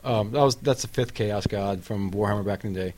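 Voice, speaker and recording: A man's voice: lowish voice, a little fast, a little mellow. Guy co-hosting a game podcast, lots of ums, wanders through his explanation. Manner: rambling, hesitant, many fillers. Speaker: podcast co-host. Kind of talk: casual podcast chat.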